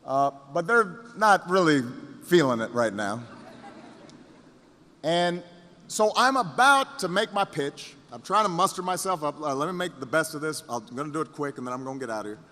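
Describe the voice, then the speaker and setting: A man giving a campaign rally speech, telling a story with repeated phrases and pauses that builds to rousing shouts, recorded in a reverberant hall. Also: on the high side, lively intonation. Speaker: political candidate.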